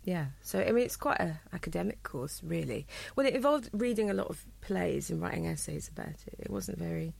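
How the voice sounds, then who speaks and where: Welsh woman in her 30s telling stories on a podcast, bit of gravel in the voice, laughs a lot. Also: lowish voice, animated, fairly quick, few pauses, a little mellow, no echo. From Wales. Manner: chatty, laughs often, trails off mid-sentence. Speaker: guest. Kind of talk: casual chat.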